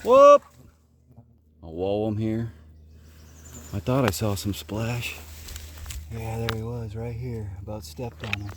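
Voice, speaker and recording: Low-voiced man coaching outdoors. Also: fairly even intonation, unhurried, long pauses. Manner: calls loudly to his dogs while explaining. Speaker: bird dog trainer. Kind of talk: walking field narration to camera. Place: outdoors in the woods. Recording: outdoor field recording with noise. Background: birds and outdoor sounds.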